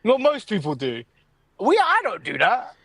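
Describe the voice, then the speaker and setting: A man's voice: sits high, moderate pace, vocal fry. Laughing English man, casual chat. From England. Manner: laughs often, lively and rambling. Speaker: podcast co-host.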